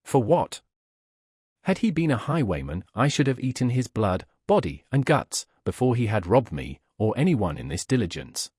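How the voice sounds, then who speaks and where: A man's voice: medium pitch, sing-song, normal speed, darkish tone, slightly rough, no room sound, studio quality. A man reading a novel aloud, voicing an indignant, boastful army captain. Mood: blustering.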